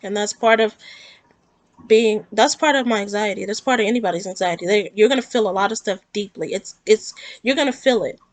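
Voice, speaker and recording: A woman vlogger speaks to the camera about her own grief, her voice medium-pitched and a little fast with no echo. She talks earnestly and emotionally, rambling in a heartfelt way.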